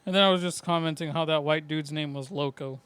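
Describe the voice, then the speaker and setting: A man co-hosting a podcast, recapping a movie plot in a laid-back, hesitant, profane way, pausing to remember scenes. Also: fairly high pitch, fairly even intonation, fairly bright tone, a little hiss or hum. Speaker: podcast co-host. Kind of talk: casual movie-recap chat.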